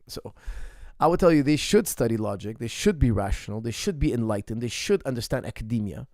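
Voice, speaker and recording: A man coaching martial arts fields viewer questions in a loose, emphatic ramble, doubling back on himself mid-sentence. His voice sits at an ordinary middle pitch. The recording is dry and close, with almost no room sound. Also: creaky, darkish tone, no room sound. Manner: rambling and emphatic, with frequent restarts and asides. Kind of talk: casual ask-me-anything chat.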